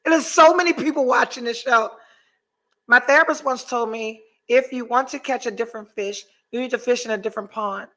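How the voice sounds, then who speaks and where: Bright-voiced woman podcast host, profane. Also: fairly high pitch, a little fast. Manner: profane, animated storytelling. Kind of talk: casual chat with live chat readers.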